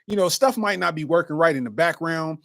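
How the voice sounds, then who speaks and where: A man's voice: a little high, brisk, creaky, dry recording. A man in his forties, a comedian hosting his own podcast, telling stories in a casual monologue full of street slang. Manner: animated storytelling with street slang.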